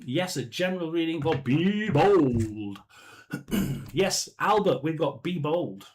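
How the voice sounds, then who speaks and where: A man hosting a live tarot session, musing aloud and often clearing his throat. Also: on the high side, slow pace, rough recording. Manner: musing, talks to himself, frequent throat clearing. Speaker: tarot reader and live stream host. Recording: steady background noise.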